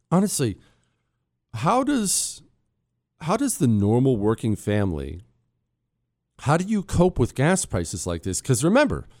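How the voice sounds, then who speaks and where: A man's voice: medium pitch, a little mellow, dry recording, clean studio sound. A man hosting a talk radio show, speaking in a blunt, sarcastic, conversational way while losing his voice. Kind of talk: opinionated talk radio monologue. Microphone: studio microphone.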